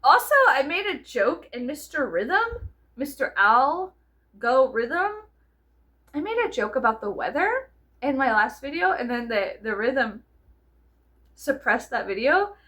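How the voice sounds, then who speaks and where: A woman talks to camera in a loose, rambling chat, laughing often and swearing freely. Her voice is bright, a little high, and full of fillers and silly quoted voices. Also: very animated, measured pace. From South Texas. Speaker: vlogger.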